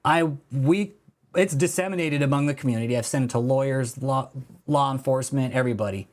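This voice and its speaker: A man's voice: medium pitch, brisk, a little mellow. Swearing, mocking male stream host. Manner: profane, mocking, laughs often, calls people bro. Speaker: livestream host. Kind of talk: casual livestream commentary.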